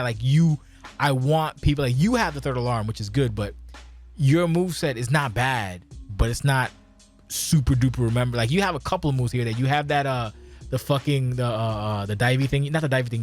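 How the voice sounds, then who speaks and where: A man hosting a podcast, talking casually in a rambling, profane way and sounding tipsy. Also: mid-range voice. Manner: rambling, profane, animated storytelling. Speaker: podcast host. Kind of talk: casual chat.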